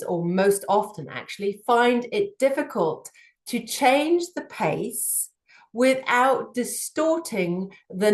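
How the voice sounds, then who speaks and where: Unhurried female speaker, singing background, thoughtful explainer, roomy reverb. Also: medium pitch. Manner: measured, thoughtful, with frequent fillers. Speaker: singing professional analyzing voices. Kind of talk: explanatory talk to camera.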